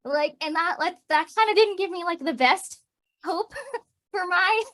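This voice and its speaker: A woman voice actor on a panel, telling an anecdote in an animated way and laughing along. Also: very high voice, brisk. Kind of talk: panel discussion, storytelling.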